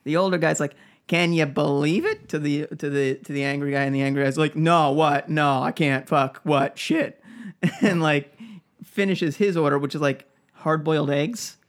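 A man's voice: fairly high pitch, moderate pace. Laughing man telling a story. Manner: laughs often, acts out quoted voices. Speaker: podcast co-host. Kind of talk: casual storytelling.

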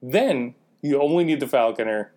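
A man in casual podcast chat who offers earnest, deadpan advice. He often stumbles on the first word before settling in. His pitch sits in an ordinary middle range. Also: moderate pace. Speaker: podcast co-host.

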